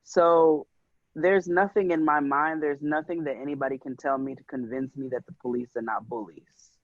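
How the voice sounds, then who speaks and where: A man's voice: fairly high pitch, steady tone, moderate pace, no echo. Male podcast co-host, emphatic storyteller, lo-fi dry sound. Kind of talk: casual podcast conversation. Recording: dull lo-fi dry recording.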